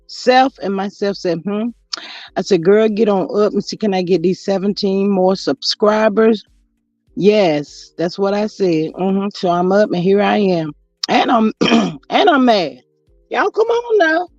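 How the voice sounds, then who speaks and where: A woman's voice: medium pitch, a little mellow, dry recording. A woman hosting a casual livestream, chatty and sassy, greeting her viewers by name. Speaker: YouTube livestream host. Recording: dull lo-fi audio with faint music.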